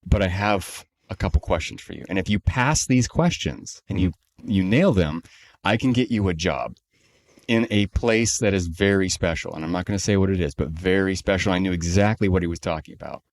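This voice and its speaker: Low, mellow-voiced man telling a story. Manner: animated storyteller, acts out quoted voices. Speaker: podcast co-host, company CEO. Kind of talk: casual storytelling chat.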